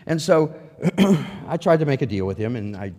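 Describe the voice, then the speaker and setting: Brief: animated man, humorous testimony storyteller, hall reverb. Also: mid-range voice, normal speed. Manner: animated storytelling with acted-out quotes. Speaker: testimony speaker.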